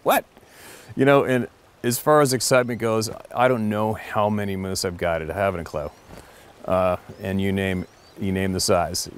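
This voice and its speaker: A middle-aged man with a slightly low voice tells a story in a loose, casual way. He is an experienced hunting guide who rambles, circles back and repeats himself, and his voice is animated throughout. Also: normal speed, smooth.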